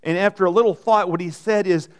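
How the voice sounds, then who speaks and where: A man's voice: high-pitched, steady tone, fast talker, smooth. A male pastor preaching a sermon in an earnest way, often repeating words and restarting.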